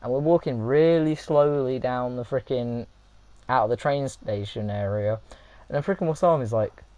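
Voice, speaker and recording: A young man tells a funny story to his viewers in a casual, animated way. He laughs and acts out what people said. His voice sits at an average pitch, recorded close and dry with no room sound. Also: normal speed, no room sound, rough recording. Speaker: vlogger.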